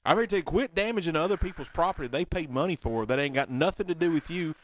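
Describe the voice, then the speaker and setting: A man's voice: a little high, lively intonation, fast. A man hosting a casual radio show, talking bluntly in a folksy, ranting way.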